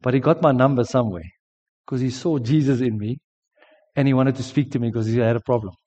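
A man's voice: mid-range voice, fairly quick, warm tone. A middle-aged man preaching a sermon, telling a personal testimony earnestly. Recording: dull lo-fi sound with long hall reverb.

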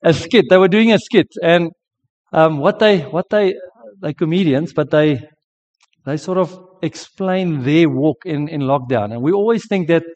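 A man's voice: fairly high pitch, unhurried, darkish tone. A man with a South African accent preaching a sermon in a chatty, storytelling way, with many restarts. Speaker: pastor. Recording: dull lo-fi sermon recording.

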